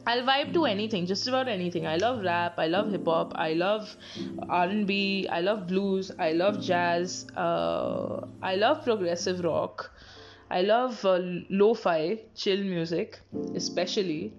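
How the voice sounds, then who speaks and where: Over background music, a young Indian English-accented woman from Bangalore chats through stories on her solo podcast, often laughing and swearing. Her medium-pitched voice is animated and her pace is measured, and the sound is lo-fi.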